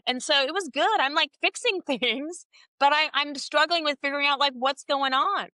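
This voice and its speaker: A woman guest on a podcast, candidly telling a personal story in a casual, animated way and reenacting conversations as she goes. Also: sits high, moderate pace, no room sound.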